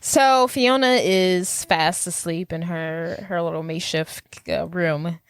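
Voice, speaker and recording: Low-voiced woman recapping a movie. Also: slow pace, clean tone, no room sound. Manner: animated retelling, quotes lines in character. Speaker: podcast co-host. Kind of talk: casual movie recap chat.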